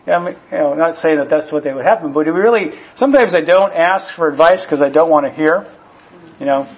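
A man's voice: fairly high pitch, lively intonation, fast talker, husky. A man, a pastor, preaching a conversational sermon with personal asides and frequent "you know" fillers. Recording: dull lo-fi recording.

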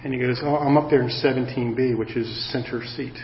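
A man in his sixties preaching a sermon, telling a personal story in an animated, self-mocking way. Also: mid-range voice, fast talker, slight background noise. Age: 60s. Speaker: pastor. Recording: roomy hall, dull lo-fi sound.

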